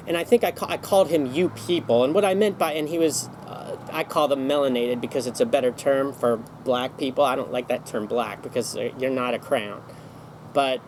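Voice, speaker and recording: A man's voice: mid-range voice, slight background noise, poor audio. A man vlogging in a casual storytelling monologue, rambling along with many restarts and self-corrections.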